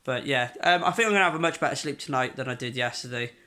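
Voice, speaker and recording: A man's voice: medium pitch, quick pace, pushed and bright. A young man, ill with covid, talking casually and matter-of-factly to camera in a home vlog, full of fillers. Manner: chatty and matter-of-fact, with lots of fillers. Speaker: vlogger.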